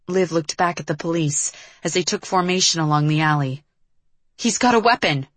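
A woman reading a tense action story aloud as an audiobook narrator, in a steady storytelling manner. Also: on the low side, no echo. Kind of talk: scripted narration.

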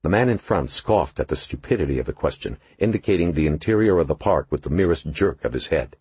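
A man narrating an audiobook in an expressive, measured storytelling manner. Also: very deep voice, slightly rough, no room sound. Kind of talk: scripted narration.

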